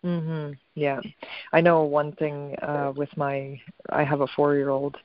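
A woman's voice: sits low, completely flat delivery, unhurried, no room sound. A woman hosting an interview, talking casually and chattily with many fillers. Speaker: interview host. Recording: dull lo-fi dry sound.

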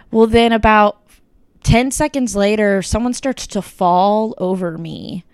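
A young woman telling a story in casual chat, full of "like" and "kinda", quoting people in lively bursts. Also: mid-range voice, a little slow, clear, resonant tone, no echo, studio quality.

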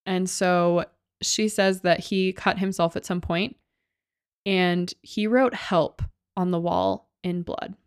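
On a podcast she co-hosts, a woman loosely recaps a ghost-hunting show, full of "like"s and the occasional swear word. Her voice sits fairly low, with lively intonation, a slow pace and a clean tone, captured dry on a close mic.

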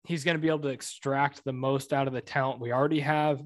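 A man's voice: medium pitch, steady tone, quick pace. A man co-hosting a casual sports podcast, talking in an upbeat, emphatic way. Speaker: podcast co-host.

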